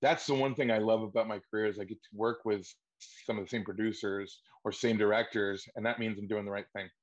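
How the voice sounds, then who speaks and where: Lively laughing male storyteller, lo-fi. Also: lowish voice, fast talker. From Wisconsin, USA. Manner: lively, laughs often, acts out quoted dialogue. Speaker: actor, interview guest. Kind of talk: casual anecdotal storytelling.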